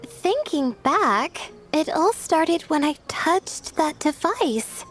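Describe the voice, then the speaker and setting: A shy, sleepy young scholar. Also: female voice, high voice, animated, slow. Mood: calm. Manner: soft-spoken, hesitant, stammering. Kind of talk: game voice acting.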